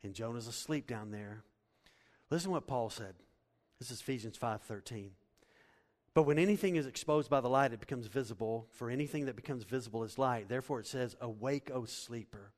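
Dramatic preacher man in a reverberant hall. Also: mid-range voice. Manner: dramatic, swings from hushed to loud. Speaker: pastor. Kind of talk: sermon. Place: church hall.

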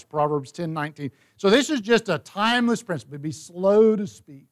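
High-voiced man leading a Bible study. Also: animated, moderate pace. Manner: conversational, reads scripture aloud.

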